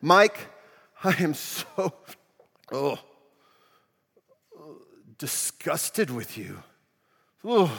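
A man voicing a stern, scolding Jesus figure, exasperated and loud. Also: high-pitched, in a large hall, pitched above the performer's own voice, full character voice.

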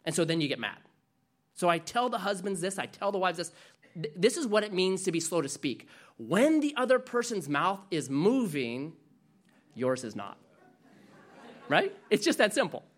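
A male pastor preaching a sermon, animated and acting out quoted voices. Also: sits high, normal speed.

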